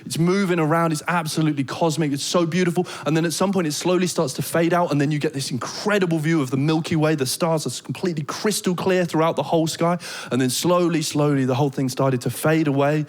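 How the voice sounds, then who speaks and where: British man telling stand-up stories. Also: a little high. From Britain. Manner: animated storytelling with laughs. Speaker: stand-up comedian. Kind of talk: stand-up comedy.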